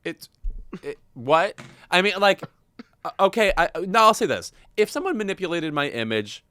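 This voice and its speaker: A wry, chatty man co-hosting a pop-culture podcast, full of asides and fillers. His pitch moves a lot. The voice is dry and close to the mic. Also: big pitch swings, normal speed, bright, forceful tone, clear, resonant tone, no room sound. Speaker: podcast co-host. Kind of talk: casual pop-culture chat.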